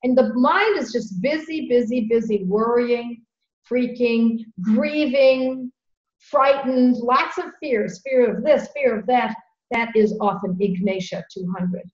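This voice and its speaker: A middle-aged woman with a fairly high voice tells a story on a podcast, earnest and animated, leaning on repeated phrases. The sound is roomy and a bit dull, as if taken in an echoey room on a modest mic. Her tone stays conversational throughout. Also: slow. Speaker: podcast host.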